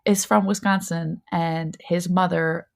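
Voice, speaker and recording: Gravelly-voiced woman chatting casually. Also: fairly low pitch, fairly even intonation, a little slow. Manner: chatty, lots of "like" fillers. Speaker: podcast co-host. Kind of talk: casual review chat.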